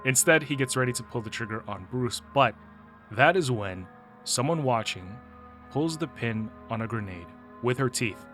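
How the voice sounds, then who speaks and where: A man's voice: medium pitch, fairly bright tone. Chatty, opinionated male game recapper. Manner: chatty, opinionated, often laughing. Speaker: gaming video host. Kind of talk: casual story recap commentary.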